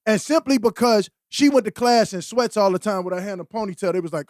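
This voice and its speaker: A man's voice: high voice, fast, few pauses, darkish tone, no room sound, clean studio sound. A man co-hosting a podcast in casual chat, blunt, profane and impassioned. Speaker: podcast co-host.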